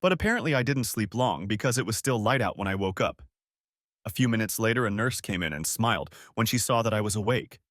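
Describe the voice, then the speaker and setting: A man reading a first-person story aloud in a dramatic, expressive way. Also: fairly low pitch, fairly quick, dry recording, clean studio sound. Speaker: story narrator.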